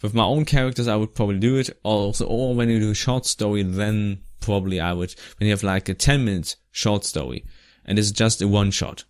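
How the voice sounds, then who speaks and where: This vlogger's fairly low, slightly mellow voice moves quickly with an even intonation and hardly any pauses. He chats casually about his old fan video, rambling, often starting sentences over, and laughing occasionally, in a dry, studio-quality recording.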